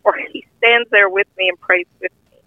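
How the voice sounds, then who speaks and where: A woman's voice: medium pitch, fairly even intonation, fairly quick, no room sound. An older woman earnestly telling a heartfelt personal testimony in plain, informal speech. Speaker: guest sharing a testimony. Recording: tinny phone-line audio, dry.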